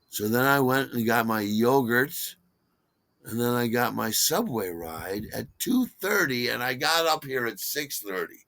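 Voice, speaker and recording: A man telling a personal story, animated and stammering, adding sound effects and acted dialogue. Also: mid-range voice, unhurried, dry recording.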